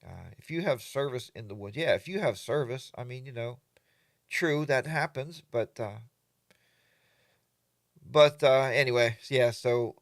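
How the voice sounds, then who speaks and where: Brief: older male livestream host, chatty and animated, dry close sound. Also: medium pitch, measured pace, long pauses, dry recording. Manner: animated, mimics other riders in exaggerated voices. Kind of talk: casual live chat reading viewer comments.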